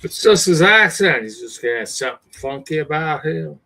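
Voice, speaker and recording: A man co-hosting a casual livestream chat while building, talking in a rambling, animated way. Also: on the high side, moderate pace, creaky. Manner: rambling, animated, puts on voices.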